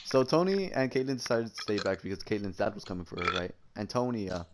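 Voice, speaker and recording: A man's voice: fairly low pitch, lively intonation, fast talker, heavy background noise. A young man casually telling a story on a podcast over an online call, often adding "right?" and acting out what people said. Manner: rambling, says "right?" often, acts out quotes. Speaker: podcast co-host. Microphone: online call mic that cuts out.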